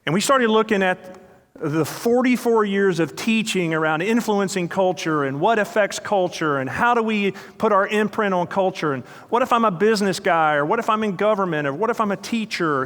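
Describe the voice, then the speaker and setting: A man's voice: sits high, expressive, normal speed, fairly bright tone. A man giving a motivational talk to a live audience, telling stories, acting out quoted dialogue and questioning the crowd. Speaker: speaker. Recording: long reverb of a large hall.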